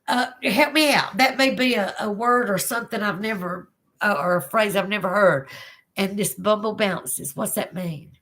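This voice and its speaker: A woman's voice: mid-range voice, moderate pace, fairly bright tone. A Southern woman chatting her way through a livestream. She drawls, giggles often, and answers her viewers one by one in an easy, friendly way. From Southern United States. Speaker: livestream host. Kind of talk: casual livestream chat reading comments.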